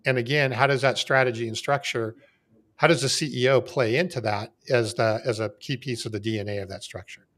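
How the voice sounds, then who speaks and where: A man hosting a business podcast in a middle-pitched voice. He circles his point out loud, stopping and restarting before he lands on his question. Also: fairly even intonation, a little fast. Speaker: podcast host. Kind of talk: podcast interview.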